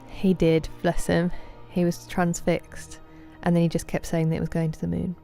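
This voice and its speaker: A woman's voice: on the low side, completely flat delivery, moderate pace, gravelly, dark tone, faint music behind. A British woman streaming a game, chatting casually and greeting her viewers by name. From Britain. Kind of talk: casual chat with viewers while gaming.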